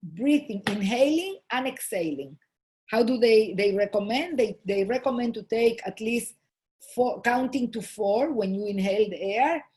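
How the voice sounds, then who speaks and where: A woman giving a talk on family habits, earnest and often pausing with fillers and restarts. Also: on the high side, lively intonation, darkish tone. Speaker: host.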